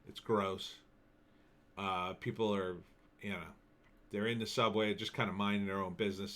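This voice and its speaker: Male vlogger, low-ish pitch, chewing gum while he rants in a loose, rambling way. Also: fairly bright tone. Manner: rambling and opinionated, many fillers and asides. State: talking with gum in his mouth. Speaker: vlogger giving opinions. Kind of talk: casual opinion monologue to camera.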